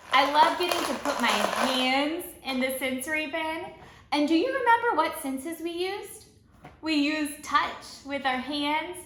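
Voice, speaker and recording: A young woman hosting an early-learning lesson for toddlers, talking gently in a sing-song teacher voice. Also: sits high. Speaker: children's show host. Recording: echoey room with background noise.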